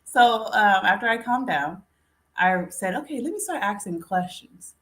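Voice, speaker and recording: A woman's voice: mid-range voice, lively intonation, a little slow. A woman hosting a casual live stream, talking straight to her viewers and calling them folks. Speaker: livestream host.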